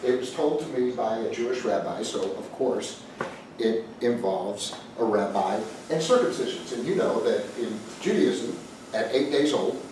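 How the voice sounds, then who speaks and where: A male pastor telling a joke-filled story to a group and bantering with his listeners. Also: mid-range voice. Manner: joking, animated storyteller, chats with the audience. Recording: echoey room from a distant mic with faint noise.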